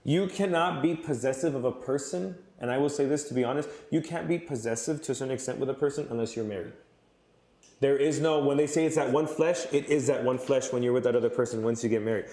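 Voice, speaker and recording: A man's voice: mid-range voice, fast talker, mellow. A young man giving an earnest youth sermon in a conversational way, with fillers and repeated phrases. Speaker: youth pastor. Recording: roomy hall echo.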